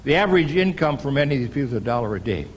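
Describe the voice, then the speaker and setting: An older American pastor preaches in a church, letting his story unfold slowly with pauses and small restarts. His voice sits at an ordinary middle pitch. A faint hum of room ambience lies under it. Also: big pitch swings. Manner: unhurried storyteller, pausing and restarting. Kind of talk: sermon storytelling.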